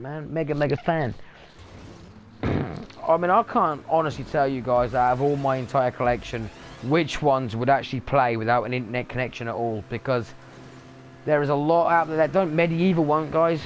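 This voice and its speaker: A man's voice: fairly high pitch, a little hiss or hum. A man ranting angrily in a sweary gaming vlog monologue. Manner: angry, sweary rant. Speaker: gaming vlogger.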